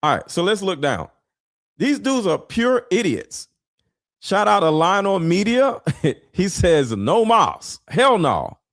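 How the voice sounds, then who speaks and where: A man doing casual, blunt reaction commentary as a streamer, full of slang and loud laughing outbursts. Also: high voice, big pitch swings, unhurried, no room sound, clean studio sound.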